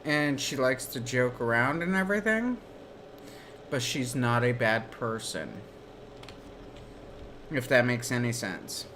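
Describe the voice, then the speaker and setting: Slow-talking man telling stories. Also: medium pitch, expressive, fairly bright tone, a little hiss or hum. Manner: slow rambling storytelling. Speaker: streamer. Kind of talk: casual chat while gaming.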